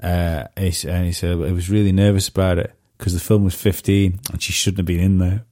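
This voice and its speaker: Low mellow man with a soft Manx accent. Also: flat delivery. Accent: soft Manx, slightly Scouse. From Isle of Man. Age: 30s. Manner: hesitant, self-deprecating, halting restarts. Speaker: podcast co-host and stand-up comic. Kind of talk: casual chat.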